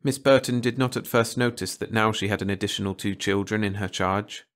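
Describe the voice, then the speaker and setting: A man narrating a science fiction story aloud as a bedtime audiobook, reading in a playful, expressive way. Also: fairly low pitch, brisk.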